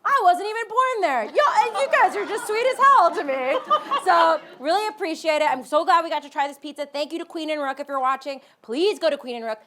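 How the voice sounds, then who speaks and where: A woman hosting a live comedy show on stage, excited and gushing, swearing freely and laughing often. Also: extremely high pitch, a little fast, hardly any pauses. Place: theater stage before a live audience. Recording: live theater with crowd and noise. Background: audience reactions.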